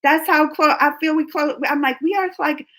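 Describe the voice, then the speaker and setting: A woman in her forties hosting a casual livestream, chatting with viewers in a rambling, animated way and laughing often. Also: sits high, normal speed. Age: 40s. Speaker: livestream host reading chat. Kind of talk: casual live chat.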